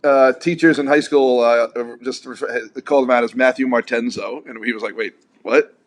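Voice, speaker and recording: A man's voice: mid-range voice, steady tone, a little fast. A man co-hosting a casual podcast, telling rambling stories peppered with swearing and filler words. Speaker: podcast co-host. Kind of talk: casual chat.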